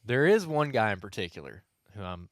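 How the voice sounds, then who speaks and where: A man's voice: lowish voice, sing-song, fairly quick, no echo, clean studio sound. A young man, co-hosting a casual podcast and telling a long story full of restarts and asides. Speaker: podcast co-host. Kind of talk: casual hunting podcast chat.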